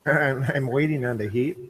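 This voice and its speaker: A man's voice: mid-range voice, breathy edge, low-quality recording. A man hosting a casual live stream, taste-testing candy and talking between mouthfuls. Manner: eats candy on camera, apologizes for chewing.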